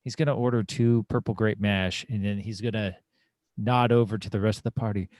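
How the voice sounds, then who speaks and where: A man playing in a tabletop game, casual and unhurried, with hesitant uhs. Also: lowish voice, steady tone, darkish tone, dry recording. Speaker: player.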